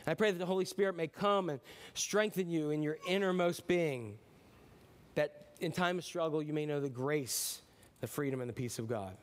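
A man's voice: on the high side, normal speed. A middle-aged man preaching a sermon in a conversational way, often restarting sentences and acting out short voices in his stories. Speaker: pastor.

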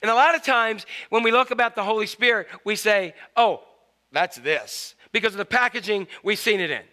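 A man preaching a sermon to his congregation, animated and storytelling. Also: high voice, fast. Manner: storytelling, animated, with acted-out quotes. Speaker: pastor.

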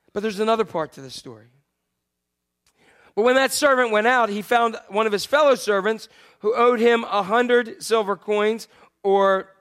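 High-voiced male pastor preaching conversationally. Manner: conversational preaching with rhetorical questions to the congregation; swings between loud emphasis and quiet, hushed lines. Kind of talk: sermon.

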